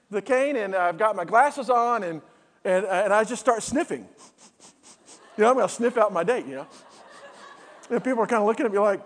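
A middle-aged man preaching a sermon and telling a humorous personal story, acting out the dialogue of each person in it. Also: high-pitched. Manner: animated storyteller, acts out dialogue. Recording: long hall reverb.

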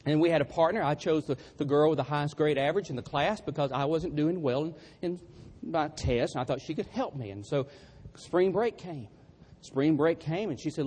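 A man's voice: a little high, normal speed, hardly any pauses, a little mellow, slightly rough. A man preaching a sermon through humorous, self-deprecating storytelling.

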